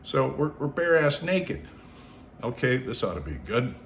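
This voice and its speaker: A man with a medium-pitched voice tells a rambling anecdote in casual conversation. He jumps into the voices of the people in his story and swears without a second thought. The sound is roomy and echoey, with a faint hum of ambience underneath. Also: a little slow. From Seattle, United States. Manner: animated, acts out voices, swears freely. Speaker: storyteller on his own show. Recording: roomy echo, faint background noise.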